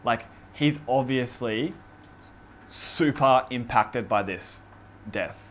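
A man leading an informal Bible study, teaching in a relaxed, chatty way with many fillers. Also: medium pitch, takes it slowly, slight background noise. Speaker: youth group or Bible study leader. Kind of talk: casual conversational teaching on scripture.

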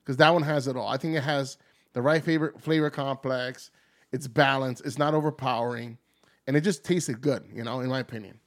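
Casting: male co-host, mid-pitched voice, relaxed profane banter. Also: fairly quick. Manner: casual, profane, playful. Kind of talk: casual tasting chat.

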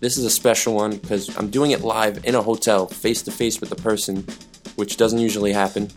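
A man's voice: lowish voice, level tone, brisk, soft background music. A man hosting a podcast from a hotel room, introducing his guest and trading friendly banter. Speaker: podcast host. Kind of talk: casual podcast interview.

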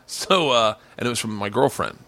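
A man's voice: on the low side, normal speed, vocal fry. A man hosting a casual podcast chat in a man cave, telling stories and acting out the other people in them. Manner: animated storyteller acting out quotes. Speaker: podcast host. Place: home basement man cave.

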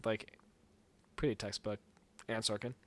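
A man's voice: fairly low pitch, flat delivery, normal speed, fairly bright tone, no echo. A young adult man co-hosting a podcast, chatting casually about movies, rambling and hedging with fillers. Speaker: podcast co-host. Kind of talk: casual movie review chat.

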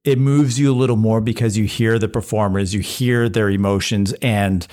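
A man's voice: fairly low pitch, steady tone, moderate pace, darkish tone. A man co-hosting a film review podcast, talking thoughtfully and restarting phrases as he searches for words. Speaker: podcast co-host. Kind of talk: casual film review chat.

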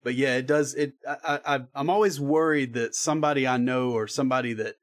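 A man with a medium-pitched voice talks fast as a guest on a casual podcast. He's a freelance voice actor, and he rambles in a laid-back way, swearing now and then.

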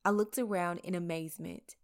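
A woman's voice: on the low side, steady tone, fairly quick. A woman reporter from the American South narrating her own story in a candid, conversational way with wry asides. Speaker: local TV reporter. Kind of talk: scripted first-person narration.

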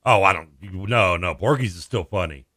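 A man co-hosting a radio sports talk show, telling stories in a lively, laughing, animated way. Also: sits low, moderate pace, dry recording, clean studio sound. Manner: animated storyteller, laughs often, acts out voices. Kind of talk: casual radio banter.

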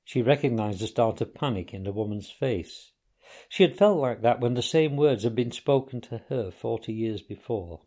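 A man calmly narrating a story in a measured, unhurried way. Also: medium pitch. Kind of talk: audiobook narration.

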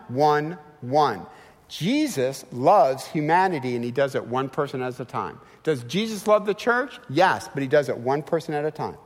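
A middle-aged man delivers a sermon with a lively, swinging delivery in a fairly high voice, pressing his points with rhetorical questions. His words carry a long reverb from a large church sanctuary. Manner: animated and emphatic, with rhetorical questions. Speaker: guest preacher.

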